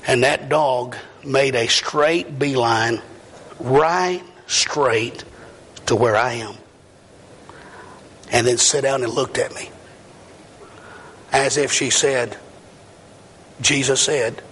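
A man's voice: medium pitch, takes it slowly, pauses often, fairly bright tone. A middle-aged male evangelist telling a story in a sermon, drawling and folksy with plenty of fillers. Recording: hall reverb, faint noise.

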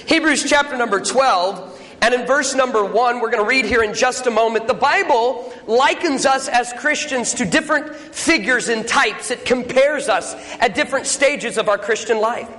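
A man's voice: extremely high pitch, normal speed, pushed and bright. A male preacher delivering a folksy sermon in a church sanctuary, telling jokes and stories. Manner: folksy, storytelling. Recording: echoey church hall.

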